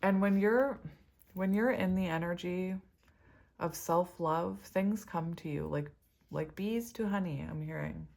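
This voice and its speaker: A woman's voice: fairly low pitch, measured pace, creaky, a little mellow, a little hiss or hum. A woman giving a casual tarot reading to her viewers, emotional and tearful, laughing often as she talks about spiritual love and energy. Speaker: tarot reader.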